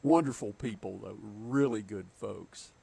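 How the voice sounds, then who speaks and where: Gravelly Southern US man chatting. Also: lowish voice, measured pace, dark tone. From southeastern United States. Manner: chatty storyteller, chuckles often. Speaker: game streamer. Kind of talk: casual chat while gaming.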